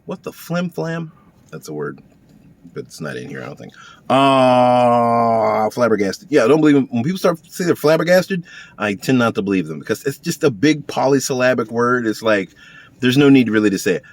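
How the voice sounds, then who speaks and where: A man's voice: mid-range voice, very animated, normal speed. A man reading through a list of words for a video, chatting casually about each one with dry offhand humor and acting out little example lines. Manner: muses aloud and acts out little example lines. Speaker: YouTuber reading a word list. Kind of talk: casual off-the-cuff commentary.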